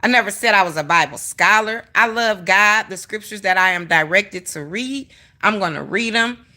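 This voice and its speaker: A woman's voice: mid-range voice, moderate pace, sharp tone. A woman streaming live, ranting emphatically and with a lot of profanity as she talks straight to her viewers in the chat. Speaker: livestreamer. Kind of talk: heated commentary rant to a live chat.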